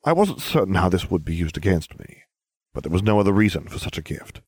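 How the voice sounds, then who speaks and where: Low, lively man narrating a story. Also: fast, slightly rough, dry recording, clean studio sound. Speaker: reader. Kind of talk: first-person story narration.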